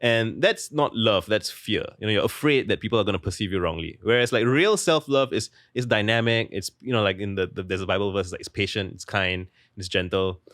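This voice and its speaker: A man's voice: fairly low pitch, fairly quick, hardly any pauses, fairly bright tone, no echo, studio quality. A young man talking casually as an interview guest, rambling and full of "like" fillers. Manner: rambling, heavy use of "like", restarts mid-thought. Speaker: guest author.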